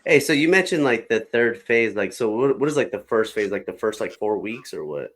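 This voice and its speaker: A man's voice: fairly low pitch, lively intonation, a little fast, slight background noise. A man hosting a podcast, asking loose, casual questions full of "like" and "y'all". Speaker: podcast host.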